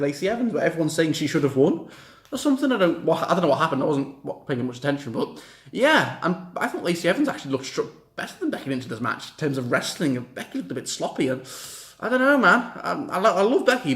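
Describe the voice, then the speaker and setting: Young man, high-pitched, excitable, swearing, echoey room. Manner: excitable, swears, mocks and acts out the wrestlers in little quips. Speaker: reaction vlogger. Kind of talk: casual chat.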